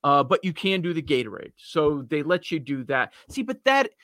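Brief: easygoing male co-host, fairly high voice, dry close sound. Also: big pitch swings, moderate pace, fairly bright tone, dry recording. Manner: easygoing, explanatory, laughs often. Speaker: podcast co-host. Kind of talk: casual sports talk.

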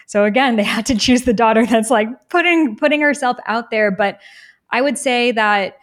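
A woman's voice: on the high side, moderate pace. A young adult woman, a guest in an interview, telling her life story in an earnest, reflective way and briefly acting out other people's words. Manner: earnest, reflective, animated when quoting others. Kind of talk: personal storytelling in conversation.

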